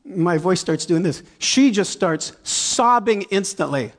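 A man preaching a sermon, telling a story with lively acted-out inner dialogue and frequent laughter, then leading a prayer. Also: sits high, slow pace. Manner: animated, acts out inner dialogue, laughs often. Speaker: pastor.

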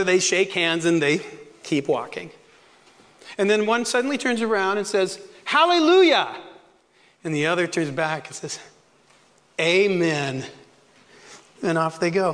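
A man's voice: high voice, fairly bright tone. A middle-aged man preaching a sermon in a chatty storytelling way, acting out quotes and laughing often. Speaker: pastor. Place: church sanctuary. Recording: reverberant church hall.

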